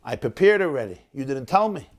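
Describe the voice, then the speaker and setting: A man's voice: mid-range voice, big pitch swings, fairly quick, natural voice. A man voicing an elderly synagogue Torah reader who pleads in distress at being pushed aside. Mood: pleading.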